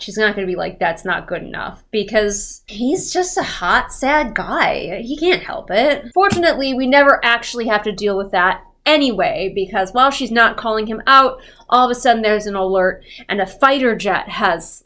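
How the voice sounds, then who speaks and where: A woman's voice: mid-range voice, fairly bright tone. A congested woman giving a sarcastic recap of a novel, mocking the characters in put-on voices. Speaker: book reviewer. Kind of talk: sarcastic book recap commentary.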